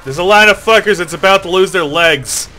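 High bright-voiced young man gaming. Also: brisk, faint music behind, rough recording. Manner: joking, swearing, bursts into shouts. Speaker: gamer. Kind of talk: casual gaming chat.

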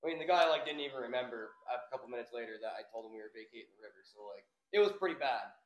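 A man working as a fishing guide, telling a casual anecdote to a club with animated, laughing asides. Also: mid-range voice, very fast, roomy sound, poor audio. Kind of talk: casual storytelling to a club audience.

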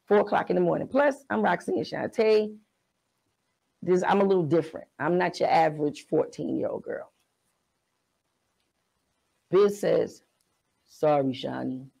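A woman's voice: lowish voice, a little slow, gravelly, long pauses, darkish tone, rough recording. A woman, frankly telling a personal story as a podcast host in a profane, conversational way.

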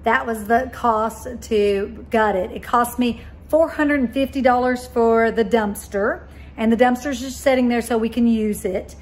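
A woman's voice: a little high, fairly even intonation, a little slow. A middle-aged woman giving an enthusiastic, chatty walkthrough of a house she is renovating, filmed on a handheld phone. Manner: chatty, enthusiastic, with frequent ums. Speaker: real estate investor vlogger. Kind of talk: casual walkthrough vlog. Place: empty gutted house, indoors. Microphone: handheld phone camera.

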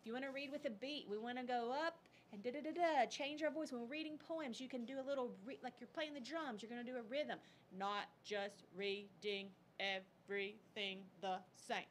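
A woman teaching second graders in a recorded lesson, upbeat and expressive in a teacherly way. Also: a little high, normal speed, hardly any pauses, slight background noise.

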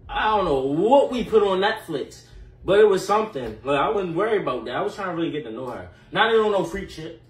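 A man telling a casual storytime in an animated, slangy way full of fillers and profanity. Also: high voice, quick pace. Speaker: storyteller vlogger. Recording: echoey room, mic at a distance, faint noise.

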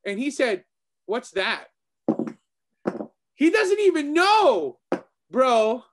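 A man, a martial arts instructor, chatting casually as co-host, animated and excitable, often repeating himself. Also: extremely high pitch, slow, slight background noise. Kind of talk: casual chat.

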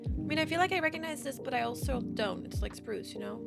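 A woman giving casual, chatty gameplay commentary, easily excited and gasping at new finds. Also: high-pitched, fast, creaky. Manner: chatty, excitable, gasps at discoveries. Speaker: Minecraft gaming creator. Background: background music.

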